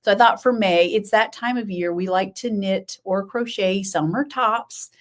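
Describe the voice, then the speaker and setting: A middle-aged woman hosts a knitting podcast as a casual live-stream, chatting, rambling, laughing often and answering viewers by name. She speaks a little slowly in a mid-range voice.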